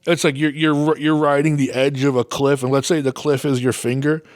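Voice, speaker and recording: A man's voice: a little high, little pitch movement, normal speed, no echo, studio quality. A man hosting a podcast, telling a rambling casual story full of swearing and laughing at himself. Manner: rambling, heavy swearing, laughs at his own stories. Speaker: podcast host.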